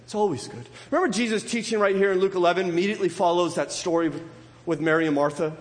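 A man's voice: high voice, fast, long reverb tail. A pastor delivering a sermon to his congregation and asking frequent rhetorical questions.

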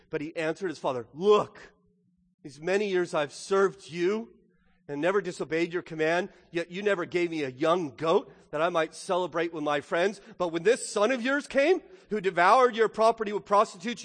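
High-voiced pastor guy preaching, lots of back-and-forth questions, long echo from a big hall. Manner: animated, acts out characters' voices and asks the congregation questions. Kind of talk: sermon. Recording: long reverb of a large hall.

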